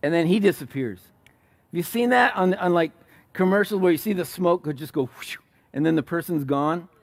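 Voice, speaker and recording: A man preaching a sermon, retelling a story with animated, acted-out quotes and frequent restarts. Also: high-pitched, moderate pace. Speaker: pastor.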